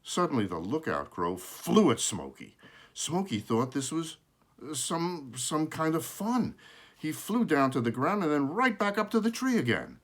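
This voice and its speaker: A man's voice: a little high, very animated, unhurried, a bit bright. A man reading a children's book aloud, with casual asides to show the pictures and small self-corrections along the way. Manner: shows pictures while reading.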